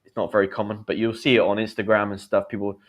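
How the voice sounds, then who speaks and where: A man in his thirties teaching English slang live, chatty, explaining with quick examples and acted lines. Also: on the low side, level tone. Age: 30s. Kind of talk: live-streamed English lesson.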